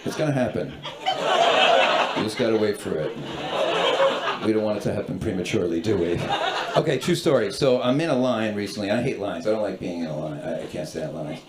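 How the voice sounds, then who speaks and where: A man's voice: on the low side, a little fast. A man performing a stand-up comedy set on a club stage, telling stories and acting out the people in them in put-on voices. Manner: animated, acts out characters in voices. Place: comedy club stage before a laughing audience. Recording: roomy club with loud audience noise.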